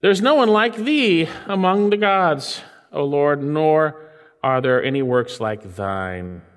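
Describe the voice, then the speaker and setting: A man preaches a sermon, reading scripture and explaining it earnestly, rising to loud, emphatic peaks and dropping to hushed, slowed phrases. His voice is fairly high-pitched and animated, with long hall reverb on the recording.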